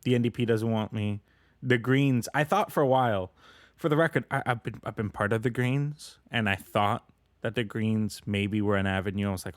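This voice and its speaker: A man's voice: mid-range voice, normal speed, dry recording, studio quality. A man co-hosting a podcast, who talks politics with passion and stumbles over repeated words when worked up. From Canada. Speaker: podcast producer and co-host. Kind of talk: casual political discussion.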